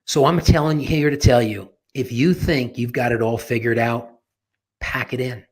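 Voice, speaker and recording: A middle-aged man coaching on sales and personal branding in a webinar pitch, talking informally, telling anecdotes and repeating phrases for emphasis. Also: moderate pace, darkish tone. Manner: tells anecdotes in a folksy, informal way.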